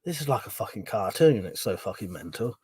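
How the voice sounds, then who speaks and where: A man hosts a casual livestream, rambling, cursing freely, laughing often, and greeting viewers by name. His lowish voice swings widely in pitch and moves fairly quickly, a little mellow with a breathy edge, recorded without echo.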